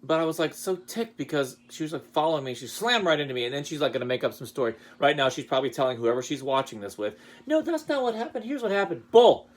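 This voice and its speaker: A man in his role as a high school choir director, handing out awards in a loose, chatty way. His voice sits at a middle pitch and leaps upward as he gets into his stories. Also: fast talker, few pauses. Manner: chatty, animated storytelling with lively pitch jumps. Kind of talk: casual award speech with anecdotes.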